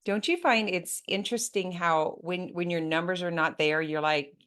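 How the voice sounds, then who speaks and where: Woman business coach hosting a podcast chat, emphatic, talks right to listeners, lowish voice. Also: normal speed, fairly bright tone. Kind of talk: coaching interview conversation.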